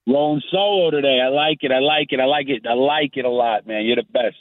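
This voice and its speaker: A man's voice: mid-range voice, brisk, no room sound. Male radio caller, gushing and casual, thin phone-line sound. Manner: enthusiastic, casual, repetitive. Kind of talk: call-in chat.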